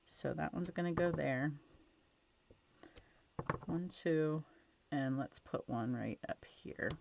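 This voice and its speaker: A woman's voice: sits low, slow pace, creaky, background noise. Chatty woman teaching card-making, lo-fi. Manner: chatty, gushing over results, many fillers. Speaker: stamping instructor. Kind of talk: casual craft tutorial. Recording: dull lo-fi home recording.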